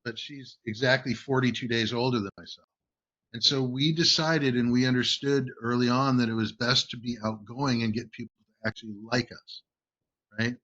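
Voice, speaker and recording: An American man with a medium-pitched, slightly bright voice hosts a show as a communication coach. He coaches listeners in a casual, emphatic way, often checking in with "right?", and the audio is dull and lo-fi.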